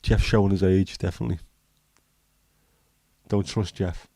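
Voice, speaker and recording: A man's voice: low voice, steady tone, normal speed, vocal fry, warm tone, dry recording. A man, hosting a casual livestream and chatting with viewers in a joking way. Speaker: livestream host.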